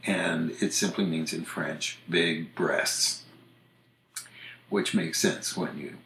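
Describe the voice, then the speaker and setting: A man from the United States hosting a podcast, casually explaining things in a measured way and spelling words out letter by letter. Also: low voice, gravelly, pushed and bright, roomy sound. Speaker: podcast host on English usage.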